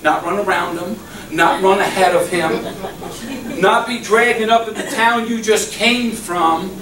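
A middle-aged male pastor preaching a sermon, swinging from loud exclamations to soft, low murmurs, recorded in a church. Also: a little slow, crowd noise. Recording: echoey church hall, mic at a distance, faint hum.

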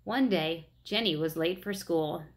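A woman reading a children's chapter book aloud, with expressive narration. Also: fairly low pitch, unhurried. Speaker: reader.

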